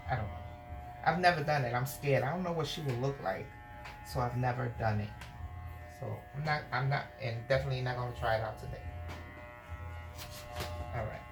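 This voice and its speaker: Low-voiced woman coaxing her dog. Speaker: dog groomer vlogger. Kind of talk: casual grooming commentary and instructions. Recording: echoey room with music.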